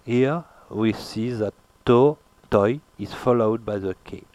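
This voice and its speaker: A man with a lowish voice teaches pronunciation at a very unhurried pace. He hesitates constantly, filling gaps with "uh" and repeating each word to model its sound. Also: a little mellow, dry recording. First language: French. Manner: hesitant, many filler pauses, repeats words slowly to model sounds. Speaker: language teacher. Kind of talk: pronunciation lesson.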